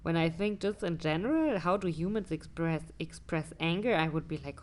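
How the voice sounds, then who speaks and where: A woman talking through her personal experience in a reflective vlog, hesitant and searching for words, sometimes dropping to a soft whisper. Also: lowish voice, animated, normal speed, hardly any pauses. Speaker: vlogger.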